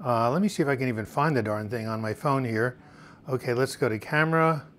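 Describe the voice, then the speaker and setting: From his home in Portland, Oregon, a man hosts a relaxed, brisk live-stream chat, reading viewers' names and comments aloud with plenty of uhs and ums. His voice is an ordinary middle pitch. Faint music and outdoor noise hum in the background.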